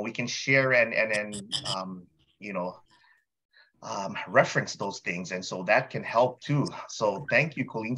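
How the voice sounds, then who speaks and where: A man hosting a group update call, praising members with many fillers and pauses. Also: fairly low pitch, sharp tone, slight background noise, poor audio. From Hawaii. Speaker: call host.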